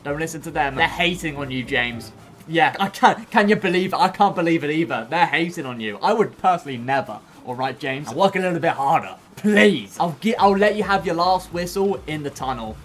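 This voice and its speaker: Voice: mid-range voice, animated, brisk, a little hiss or hum. A game streamer giving live, playful commentary, chatting to viewers and to the trains on screen and laughing often.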